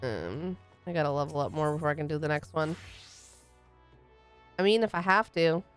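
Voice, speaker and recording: A woman's voice: deep voice, lively intonation, moderate pace, clean tone, soft background music. A young woman streaming a game, chatting casually, giggling and swearing. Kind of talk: casual live commentary.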